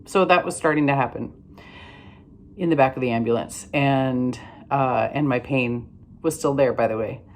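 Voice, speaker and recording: A woman's voice: very deep voice, moderate pace, a little hiss or hum. Older lady vlogging, worn out, rambly and wry, lots of ums and false starts. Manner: rambling, wry, many fillers and restarts. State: tired. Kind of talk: casual storytelling to camera.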